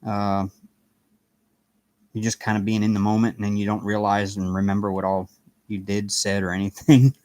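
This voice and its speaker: A man's voice: on the low side, little pitch movement, normal speed, long pauses, darkish tone, dry recording. Casual live-stream host, male, rambly and talkative, greets chat by name, recorded at home. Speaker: livestream host chatting with viewers. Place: home apartment.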